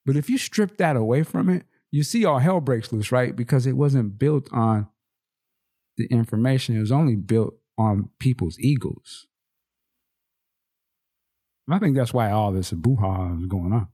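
A man talking casually as a podcast co-host, at an ordinary middle pitch. He sounds laid-back and slangy, laughs often and keeps throwing rhetorical questions at his partner. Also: expressive, normal speed, warm tone, breathy edge. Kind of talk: casual chat.

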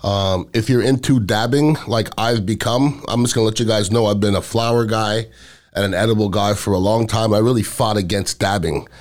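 A man hosting a podcast, talking casually and bluntly in an animated storytelling way. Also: on the low side, normal speed. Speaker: podcast host. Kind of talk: casual monologue.

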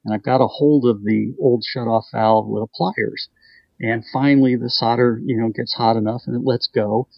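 Gravelly man telling a story. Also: normal speed, dry recording, dull audio. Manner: animated storyteller, jumps up in pitch acting out his wife. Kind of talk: casual storytelling chat.

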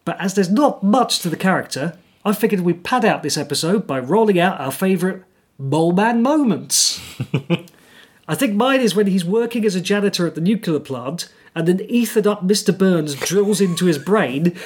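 A man's voice: high voice, lively intonation, moderate pace, slightly rough. A man co-hosting a podcast, delivering partly scripted commentary in a dry, wry way. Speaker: podcast co-host. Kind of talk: casual chat with scripted segments.

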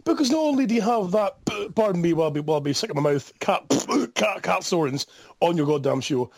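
A Scottish man phoning in on a mobile, his slightly high voice husky and close, recorded dry. He ribs the hosts with mock outrage and frequent laughs. His delivery swings between bursts of high excitement and mutters. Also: fast, no echo. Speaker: caller. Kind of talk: comedic call-in banter. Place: phone call into a podcast. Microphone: mobile phone.

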